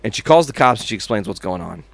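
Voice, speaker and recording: A man's voice: on the low side, fast talker, vocal fry, no room sound. A man co-hosting a podcast, telling neighbor stories in casual chat, swearing freely and mimicking horn noises. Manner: profane, animated storyteller mimicking horn sounds. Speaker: podcast co-host.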